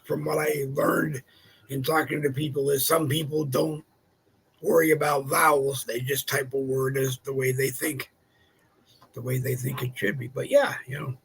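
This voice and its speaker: A man's voice: medium pitch, level tone, moderate pace, gravelly, breathy edge, rough recording. A man from California, co-hosting a casual chat show and telling chatty anecdotes. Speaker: co-host.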